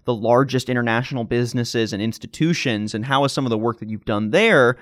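A man's voice: medium pitch, fairly quick, no echo, studio quality. A man hosting an interview, asking long, wordy questions full of fillers. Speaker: interviewer, host.

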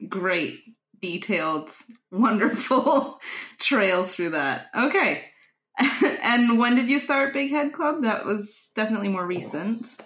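A woman's voice: mid-range voice, expressive, slow pace, fairly bright tone. A woman interviewing a guest casually, laughing often and answering with short encouraging remarks. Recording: echoey room.

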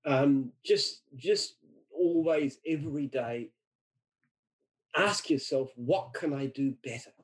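Speaking slowly with a medium pitch, a middle-aged Australian franchise founder shares anecdotes in an interview, recorded roughly. He's emphatic, and when he restarts sentences he repeats words.

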